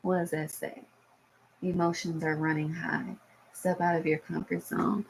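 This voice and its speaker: A woman's voice: fairly low pitch, little pitch movement, unhurried, gravelly, breathy edge, rough recording. A woman giving a casual tarot reading to her viewers, emotional and holding back tears, her voice cracking, swearing freely as she talks. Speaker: tarot reader.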